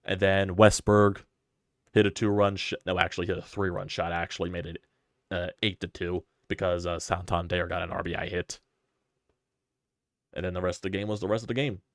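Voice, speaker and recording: A man's voice: deep voice, flat delivery, a little fast, no room sound, studio quality. A man hosting his own sports channel, giving a casual, emphatic game recap with repeated points. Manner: heated, swearing rants; repetitive, emphatic delivery.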